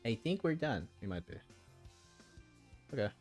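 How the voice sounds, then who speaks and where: A man's voice: medium pitch, sing-song, measured pace, darkish tone, soft background music. A man streaming, reacting to videos in crude, sarcastic, swearing commentary.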